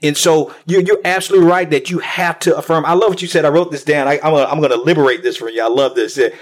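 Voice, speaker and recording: A man's voice: fairly high pitch, fairly even intonation, fast talker. A man hosting a faith podcast, affirming his guest and quoting scripture with enthusiasm. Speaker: podcast host.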